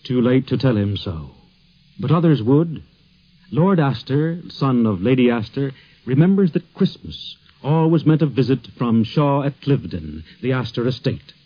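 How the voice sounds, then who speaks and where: A man's voice: medium pitch, animated. Brief: male narrator, formal scripted documentary voice, dull lo-fi sound. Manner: measured, formal delivery. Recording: dull lo-fi recording.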